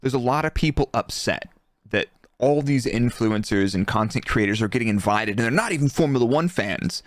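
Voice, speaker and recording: A man co-hosting a casual podcast, relaxed and chatty, laughing easily. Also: mid-range voice, fairly quick, no room sound. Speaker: podcast co-host, former F1 engineer.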